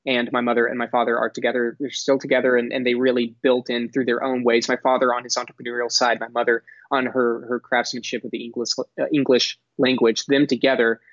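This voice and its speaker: A man's voice: medium pitch, level tone, no room sound. Articulate young man, dry muffled sound. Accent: none, mostly neutral American with a faint Texas drawl at times. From Dallas, Texas. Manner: articulate, earnest, measured with frequent restarts. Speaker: guest, entrepreneur. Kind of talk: podcast interview.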